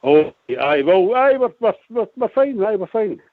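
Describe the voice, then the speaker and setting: A man phoning in to a radio show, excitable, tripping over and repeating his words. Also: sits high, moderate pace, no room sound. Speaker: caller. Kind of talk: casual call-in chat. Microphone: phone. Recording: tinny phone line.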